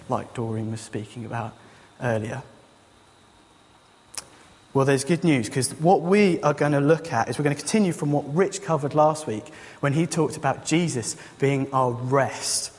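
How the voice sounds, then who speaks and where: A man's voice: medium pitch, darkish tone. A man, a youth leader, preaching a sermon in a casual, joking, conversational way. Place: church hall. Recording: long church hall reverb.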